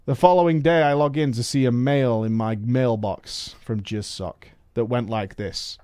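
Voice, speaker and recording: A man's voice: mid-range voice, normal speed, few pauses, dark tone, clean tone, no room sound, clean studio sound. A man narrating a comedic story in a playful way, chuckling at his own telling.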